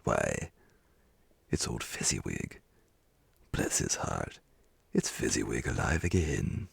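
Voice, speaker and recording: A wistful old miser exclaims softly over his memories in a whispered role-play, played by a man. The whisper is low and gravelly. It is very breathy. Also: lively intonation, takes it slowly, no room sound, exaggerated voice.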